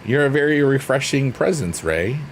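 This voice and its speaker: A man hosting a relaxed livestream, chatting playfully and reading out messages from his viewers. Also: mid-range voice, moderate pace, slight background noise. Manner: playful, silly, rambling, reads chat aloud. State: drained. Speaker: livestream host. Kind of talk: casual chat with live chat readers. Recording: faint piano music underneath.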